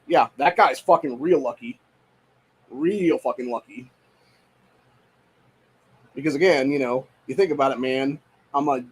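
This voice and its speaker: Husky-voiced man ranting profanely. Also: mid-range voice. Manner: profane, repetitive, exasperated ranting. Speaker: podcast host. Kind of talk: casual rant. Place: at home.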